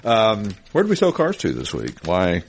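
A middle-aged man hosting a casual podcast, chatty and quick to laugh as he rattles off sales figures. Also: lowish voice, wildly swooping pitch, creaky, slight background noise. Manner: chatty, laughs easily, reels off numbers. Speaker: podcast host, car dealership spokesman.

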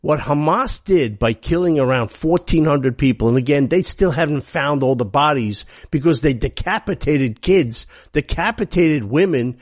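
Brief: male talk radio host, sarcastic and heated, very lively pitch, dry studio sound. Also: normal speed, hardly any pauses, no room sound. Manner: heated, sarcastic, rhetorical questions. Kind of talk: opinionated talk radio monologue.

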